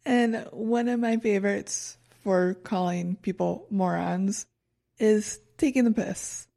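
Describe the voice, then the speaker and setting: A woman co-hosting a podcast, reading from her notes and fumbling over foreign words. Her voice has a gravelly, fry-heavy texture. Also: mid-range voice, slow, dark tone. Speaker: podcast co-host presenting research. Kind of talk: casual chat.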